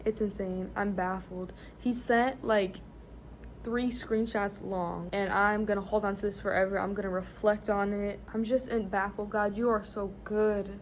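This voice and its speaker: Brief: young adult woman, casual vlogger, excitable and gushing, mid-pitched, faint background hiss. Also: unhurried. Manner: excitable, gushing, lots of "like" and "literally". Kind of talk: casual faith vlog.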